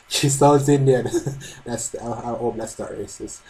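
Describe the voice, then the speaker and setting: A man talks through a manga chapter live. He stays casual and joking, with plenty of swearing. His voice is warm and mellow, at a middle pitch. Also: steady tone, takes it slowly, pauses often, low-quality recording. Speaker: manga reaction host. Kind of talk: live reading and reaction.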